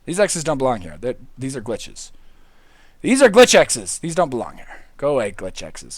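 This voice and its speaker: A man livestreaming a video game, hyper and goofy, jumping from loud squealing outbursts to mumbled asides. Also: medium pitch, very animated, a little fast, slightly rough, dry recording, studio quality. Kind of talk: excitable gaming livestream chatter.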